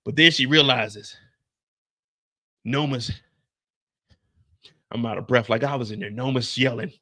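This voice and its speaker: A man hosting an animated recap of a TV episode, telling the action in profane slang and acting out the gunfire with his own sound effects. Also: medium pitch, unhurried, long pauses. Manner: excitable, acts out scenes with gunshot sound effects. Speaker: show recap host.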